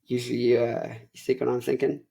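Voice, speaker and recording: A woman's voice: extremely low pitch, level tone, a little fast, vocal fry, mellow. A woman podcast host telling a rambling, absurd comic story, often stopping to correct herself and drift onto side points. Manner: tangential, self-correcting, jokey absurd riffing.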